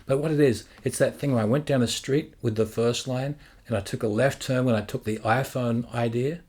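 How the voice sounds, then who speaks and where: Husky man musing aloud about songwriting. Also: medium pitch, steady tone, brisk, darkish tone. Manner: rambling, thinks aloud, sings lyric drafts. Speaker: songwriting teacher. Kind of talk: casual thinking-aloud lesson.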